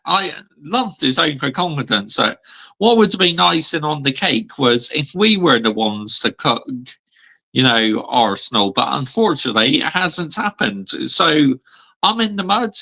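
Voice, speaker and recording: A man's voice: a little high, very animated, measured pace, vocal fry, pushed and bright. A man in his thirties ranting on a fan vlog, heated and sweary, still seething after a defeat. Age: 30s. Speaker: football fan vlogger.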